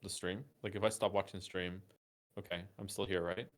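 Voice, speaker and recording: A man with a low, gravelly voice chats casually with a friend over a voice call. He trips over his words and repeats himself as he thinks out loud. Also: little pitch movement. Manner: stammers and repeats words, quick asides. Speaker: co-host on a voice call. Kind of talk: casual chat.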